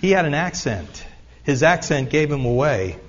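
A pastor preaches in a church sanctuary, his voice a little high and sing-song at a moderate pace. He's earnest and conversational, often turning aside to address the congregation. The recording is echoey and dull, with a lo-fi hall sound.

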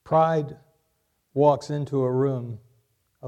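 A man's voice: medium pitch, fairly even intonation, slow pace, long pauses, mellow, lo-fi sound. A man preaching a sermon as pastor, asking rhetorical questions and repeating his key lines.

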